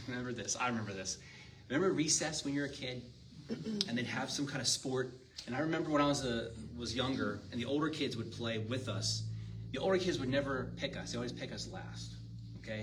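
A man's voice: mid-range voice, animated, brisk, background noise. A man preaching a sermon in a church, reading scripture and talking to the congregation in a conversational way, asking them questions. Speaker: pastor. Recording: distant mic with faint ambience.

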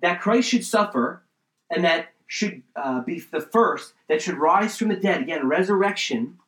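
A man preaching a sermon, teaching through a Bible passage in an animated way with asides. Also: fairly high pitch, unhurried, roomy sound, rough recording. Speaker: pastor.

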